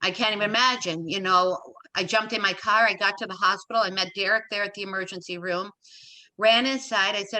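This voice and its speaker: A woman's voice: mid-range voice, fairly even intonation, brisk, pushed and bright. A middle-aged woman, an interview guest, telling an emotional personal story and acting out the dialogue with emphatic repetition. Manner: retells events with quoted dialogue and emphatic repetition.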